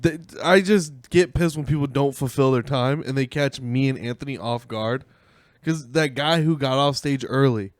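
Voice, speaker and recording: A man's voice: medium pitch, normal speed, no echo. A man, a comedy podcast co-host, telling a loose, profane story with lots of laughter in casual chat. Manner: animated, swearing, laughing through anecdotes.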